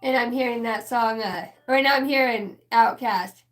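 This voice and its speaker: A woman's voice: a little high, moderate pace, soft background music. Chatty woman doing a spiritual reading. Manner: rambling, profane, chatty. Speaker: spiritual channeler. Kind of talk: casual channeled reading.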